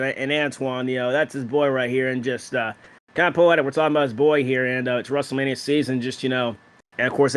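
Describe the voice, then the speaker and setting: A young man co-hosting a casual podcast, rambling excitedly as a fan with lots of fillers. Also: a little high. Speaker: podcast co-host.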